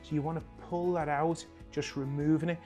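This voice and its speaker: A man's voice: a little high, flat delivery, a little fast, mellow, faint music behind. A man hosting a cooking demonstration, chatty and joking, often talking to his cameraman. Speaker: chef hosting a cooking show.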